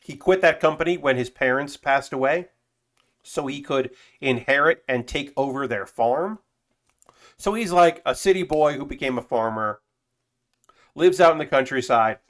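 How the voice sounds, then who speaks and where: A man's voice: medium pitch, normal speed. Chatty man rambling on a live stream. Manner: rambling, loose and chatty, with frequent fillers and casual swearing. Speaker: streamer building a model kit. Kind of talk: casual live-stream chat.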